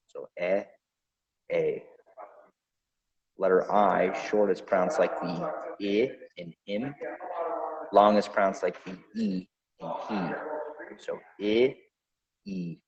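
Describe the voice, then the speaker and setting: A lower-pitched man hosts a pronunciation lesson, deliberately spelling out letters and sounding out each example word. The recording is dull and lo-fi, with little top end. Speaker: podcast host.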